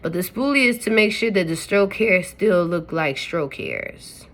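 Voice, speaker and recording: A woman's voice: fairly low pitch, expressive, a little slow, a bit bright. A woman hosting a makeup tutorial, talking to her viewers in a chatty, playful way. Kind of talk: casual step-by-step tutorial talk.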